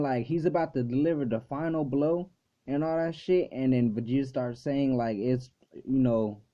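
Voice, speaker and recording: A man's voice: medium pitch, dark tone. A man hosting a casual video review who talks loosely and swears a lot, with many fillers. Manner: loose and profane, full of "like" fillers. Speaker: anime reviewer and channel host. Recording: dull lo-fi recording.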